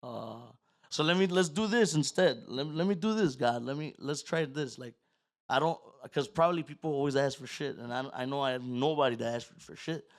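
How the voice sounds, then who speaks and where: Profane, animated male storyteller. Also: mid-range voice, fairly quick. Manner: profane, animated, swings from loud to hushed; acts out his own quoted words. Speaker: podcast guest. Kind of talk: casual storytelling.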